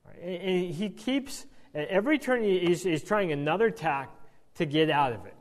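Wry, animated male Bible teacher. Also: high-pitched, normal speed. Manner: animated, stammering restarts, wry asides. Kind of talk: conversational Bible lesson. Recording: reverberant hall.

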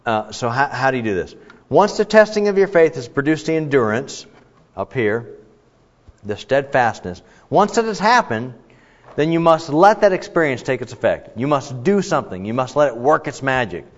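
A man's voice: mid-range voice, sing-song, normal speed. Man teaching the Bible in a hall. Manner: conversational, emphatic, restarts often. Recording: dull audio, long reverb in a hall.

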